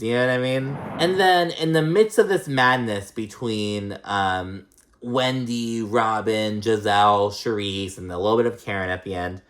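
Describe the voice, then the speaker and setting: A man casually recapping a reality show episode, blunt and profane, with lots of fillers and strong opinions. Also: mid-range voice.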